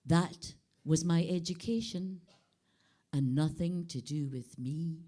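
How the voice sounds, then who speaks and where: A woman's voice: deep voice, slow, dark tone. A woman giving a live poetry reading, playful and shifting her voice and dynamics as she reads. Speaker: poet. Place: live venue.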